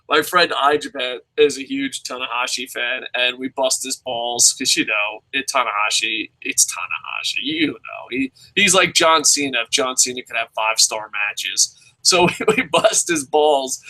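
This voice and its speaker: A man reviewing wrestling shows in casual, profane commentary, excitable, with frequent swearing and stammering. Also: mid-range voice, measured pace, poor audio.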